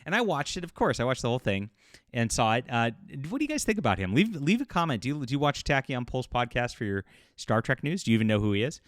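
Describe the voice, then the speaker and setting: A man's voice: medium pitch, big pitch swings, fast talker, dry recording, clean studio sound. A man hosting a casual commentary channel, rambling with lots of fillers and restarts. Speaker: YouTube host and sci-fi writer.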